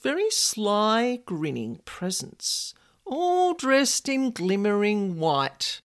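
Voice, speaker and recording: A woman's voice: medium pitch, huge pitch swings, very slow. A woman narrating a personal story in a conversational way with casual asides.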